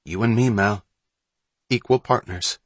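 A man's voice: lowish voice, unhurried, husky, dry recording. A man reading an audiobook, voicing an eager, bossy young boy who gives orders and scoffs at his brother's fears. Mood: serious. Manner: eager, commanding, scornful.

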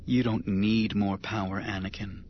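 A man voicing a gentle, loving young woman senator with a reassuring manner. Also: on the low side, little pitch movement, unhurried, dull audio, a little hiss or hum, lightly acted. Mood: tender.

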